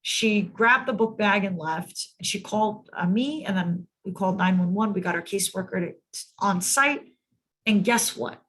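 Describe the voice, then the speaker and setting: A woman's voice: mid-range voice, normal speed, a bit bright. A woman clinician telling a case story to colleagues over a video call, emphatic and often repeating words for stress. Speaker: mental health clinician presenting to colleagues. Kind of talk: storytelling in a training presentation.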